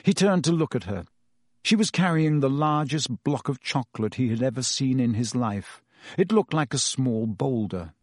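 A man reading a novel aloud as an audiobook, with steady, expressive storytelling. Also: mid-range voice, normal speed, dry recording, studio quality. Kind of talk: audiobook narration.

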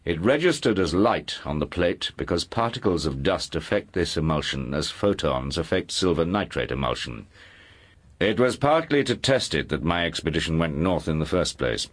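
A man voicing a calm, commanding lord. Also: deep voice. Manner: calm, measured, authoritative. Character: commanding aristocratic male explorer lecturing scholars. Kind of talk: audiobook dialogue.

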